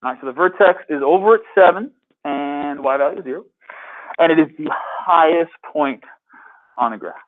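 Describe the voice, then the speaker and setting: Upbeat man teaching math on a tinny recording. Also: a little high. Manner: upbeat, quizzing students. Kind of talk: classroom lecture. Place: classroom. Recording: tinny phone-like lecture capture.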